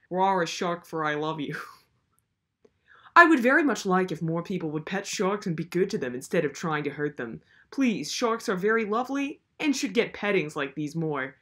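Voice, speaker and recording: Sarcastic woman ranting with lively pitch. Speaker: video host. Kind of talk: comedic commentary.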